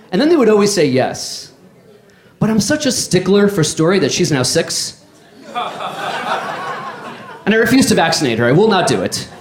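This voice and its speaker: A stand-up comedian from New York performs a set on a comedy club stage, his male voice high-pitched, a little fast, and deadpan. The roomy club sounds echoey, with the crowd audible and audience laughter in the background.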